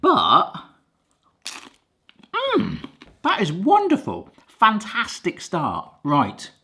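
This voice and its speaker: A man chatting cheerfully through a home cooking video. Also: very slow. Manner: chatty, jokey, lively pitch. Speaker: cooking vlogger. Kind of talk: casual cooking narration.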